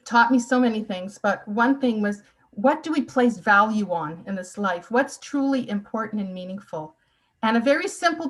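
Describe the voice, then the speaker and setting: A woman's voice: a little high, poor audio. A woman in her sixties gives a personal testimony talk, telling her family's story with earnest, emotional emphasis. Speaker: speaker.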